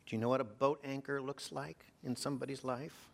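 A man preaching a sermon, asking his congregation rhetorical questions and dropping to a hush for emphasis. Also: medium pitch, fairly even intonation, a little fast, vocal fry. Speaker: pastor.

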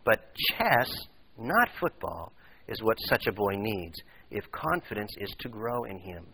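Bright-voiced male preacher. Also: on the low side, a little slow, gravelly, slight background noise, low-quality recording. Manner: storytelling with animated quoted voices and direct appeals to the congregation. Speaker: pastor. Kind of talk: sermon.

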